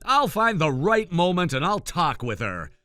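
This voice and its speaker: A man voicing an ailing father who speaks gently and pleads with his son. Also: on the high side, very animated, normal speed, no echo. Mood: pleading. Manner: soft-spoken, pleading. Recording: dry, faint music behind.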